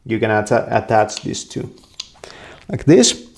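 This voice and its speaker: A man's voice: on the low side, creaky, a little hiss or hum. A man casually explaining and demonstrating a microphone in a product video. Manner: slow, relaxed, plainly explaining.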